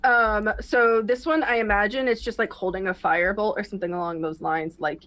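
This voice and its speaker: A woman's voice: medium pitch, steady tone, a little fast, a bit bright. A woman playing a tabletop game, explaining her moves in a loose, rambling way. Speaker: player. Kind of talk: casual tabletop game chat.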